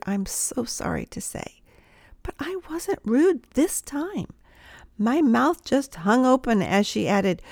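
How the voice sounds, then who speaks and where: A woman's voice: medium pitch, vocal fry, a little mellow, no echo, clean studio sound. A woman giving a humorous devotional talk built around a personal story, confiding and often dropping to a whisper.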